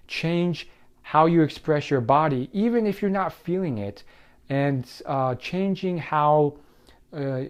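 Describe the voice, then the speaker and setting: A man's voice: a little high, darkish tone. A young man hosting a self-help video, explaining tips in a casual, conversational way with frequent fillers and restarts. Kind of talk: casual talk to camera.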